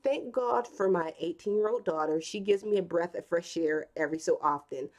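A woman's voice: on the low side, normal speed, darkish tone. A woman in her thirties hosting a live stream in a casual, chatty way, reading comments and telling stories with acted quotes. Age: 30s.

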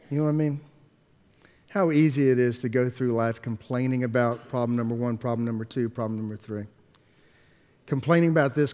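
A pastor telling a story in a sermon, swinging between hushed and emphatic delivery, with halting restarts and repeated words. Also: male voice, mid-range voice. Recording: long echoey hall reverb.

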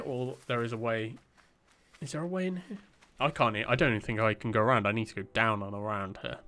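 This young man's medium-pitched voice sounds pushed and bright as he offers laid-back let's-play commentary. He wanders from thought to thought, makes self-deprecating jokes, and fills gaps with lots of fillers.

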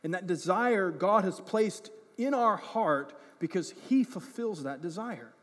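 Preaching from a church sanctuary, this adult father figure has a high-sitting, unhurried male voice and tells a personal story in a conversational sermon. He keeps looking for agreement with "right?" and "okay?", jokes at his own expense, and livens up during the funny parts, with church-hall echo around him.

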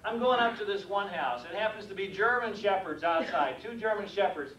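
Older male storyteller, high voice, animated comedy delivery, echoey room recorded from a distance. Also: a little fast. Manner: folksy, animated, acts out the scenes. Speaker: mailman telling stories. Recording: echoey room heard from a distance with faint noise.

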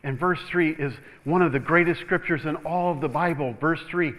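A male pastor's fairly high voice comes through a rough recording at a moderate pace as he preaches in church. In animated fashion he keeps asking the room "Amen?", with chuckles and repeated words as his delivery builds.

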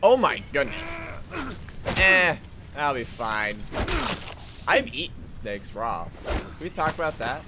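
A man giving casual, jokey commentary over a video game, excitable and prone to yelling. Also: medium pitch, takes it slowly, long pauses. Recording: game noise under the voice. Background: game sounds.

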